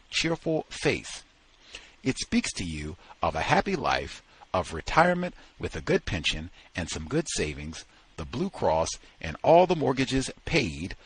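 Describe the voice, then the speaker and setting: A man reading a novel aloud at a book study session in a slow, dramatic storytelling manner. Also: lowish voice, breathy edge, rough recording.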